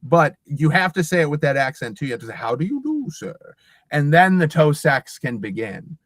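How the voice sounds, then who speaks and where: A man co-hosting a podcast, chatting casually and explaining absurd things in a mock-serious, deadpan way. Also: fairly high pitch, fairly quick, dry recording. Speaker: podcast co-host. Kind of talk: joking casual chat.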